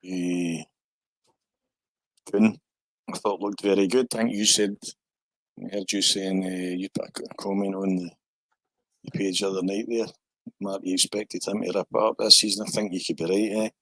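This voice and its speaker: An older Scottish man with a low, husky voice chats on a podcast, spinning long anecdotes and chuckling as he goes. The sound is dry and close. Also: little pitch movement, moderate pace, pauses often, fairly bright tone, dry recording, poor audio. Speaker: podcast guest. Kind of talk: casual podcast chat.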